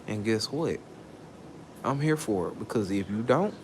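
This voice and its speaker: A man venting in an angry vlog rant, swearing and jumping up in pitch as he gets worked up. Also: big pitch swings, brisk, a little hiss or hum. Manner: angry ranting, swearing, voice leaping up when worked up. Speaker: vlogger. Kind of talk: heated venting monologue.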